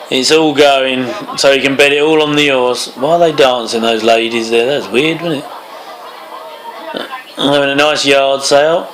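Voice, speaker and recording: A man's voice: mid-range voice, a bit bright, rough recording. A man giving casual movie commentary, full of chatty wry asides and chuckles. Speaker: film commentator.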